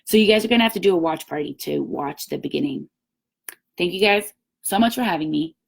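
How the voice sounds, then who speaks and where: A woman's voice: on the low side, lively intonation, a little fast, vocal fry, husky. A woman giving a live-streamed sales coaching talk as team leader, emphatic and upbeat, acting out little quoted chats. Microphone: webcam or phone, live stream.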